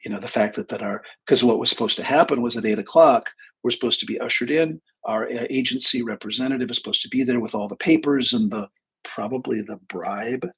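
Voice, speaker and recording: Husky older guy in his 60s rambling thru an old story, lots of asides. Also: mid-range voice, fairly bright tone, poor audio. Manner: rambling, with frequent asides and self-corrections. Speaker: host of a live talk stream. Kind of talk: casual anecdotal storytelling.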